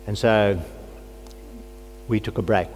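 A man's voice: lowish voice, fairly even intonation, slow pace, darkish tone. A middle-aged man preaching with earnest conviction, his voice climbing into fervent prayer. He has a cold, and his words ring out in a long-echoing hall with a faint hum behind him. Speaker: pastor. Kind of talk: sermon.

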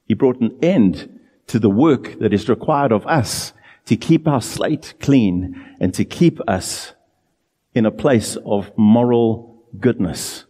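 A man preaching a sermon in an earnest, emphatic way, drawing out key phrases slowly. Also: fairly low pitch, animated, mellow, big-room sound.

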